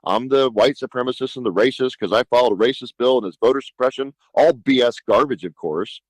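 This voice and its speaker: A man's voice: mid-range voice, fairly quick, no room sound, rough recording. A middle-aged man, a state senator, talking emphatically on a radio talk show and acting out conversations. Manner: emphatic, animated, acts out conversations.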